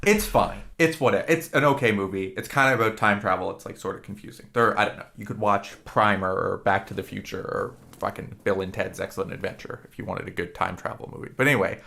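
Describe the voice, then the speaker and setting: Gravelly low-voiced man chatting casually. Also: sharp tone. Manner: rambling, profane, retells scenes with quick impressions. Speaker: podcast co-host. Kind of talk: casual podcast chat.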